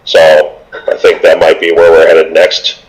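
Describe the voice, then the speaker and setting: A man's voice: rumbling low, completely flat delivery, a little slow, poor audio. A man casually recapping and playing in a tabletop game, rambling with fillers. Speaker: player.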